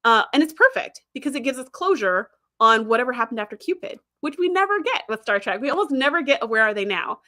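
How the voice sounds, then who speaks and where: Bright, chatty woman host. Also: fairly high pitch, sing-song, quick pace, few pauses. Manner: chatty, laughs often, acts out quoted lines. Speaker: host reading live chat. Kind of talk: casual livestream chat.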